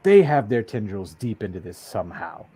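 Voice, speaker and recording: A man playing a tabletop game in character, talking in a halting way with many restarts. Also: on the low side, sing-song, mellow, slightly rough. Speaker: player.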